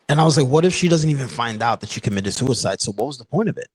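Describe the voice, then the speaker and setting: A podcast host telling a candid personal story in an earnest, halting way, full of "like" and "you know". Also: male voice, medium pitch, expressive, breathy edge, no echo, low-quality recording.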